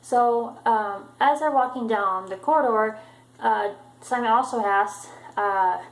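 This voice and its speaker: A woman's voice: on the high side, slow pace, reverberant, rough recording. A woman casually retelling a book chapter in her own words, with frequent ums and restarts. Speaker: book vlogger.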